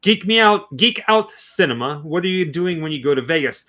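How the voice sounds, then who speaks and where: A man co-hosting a casual livestream, chatting loosely with many halting restarts and reading viewer comments aloud. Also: on the high side, expressive, bright, forceful tone. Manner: halting, restarts often, reads chat aloud. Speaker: co-host of a livestream watch party.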